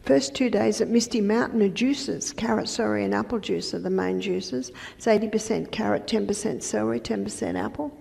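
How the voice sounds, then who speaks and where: A woman health educator giving a lecture, telling patient stories in a conversational way with soft asides. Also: mid-range voice, a little fast, gravelly, few pauses. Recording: reverberant lecture hall.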